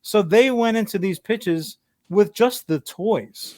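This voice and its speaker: Male co-host, profane rambling storyteller, a bit high-pitched, dry recording. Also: slow pace, a little mellow, no room sound. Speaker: podcast co-host. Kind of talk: casual chat.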